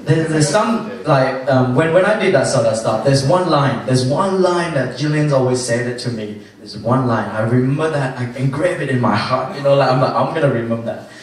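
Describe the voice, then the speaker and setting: A man's voice: mid-range voice, animated, a little fast, hardly any pauses. A young man giving an informal youth sermon, rambling with lots of fillers and restarts. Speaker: youth speaker. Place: church hall. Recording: very echoey hall, from far off.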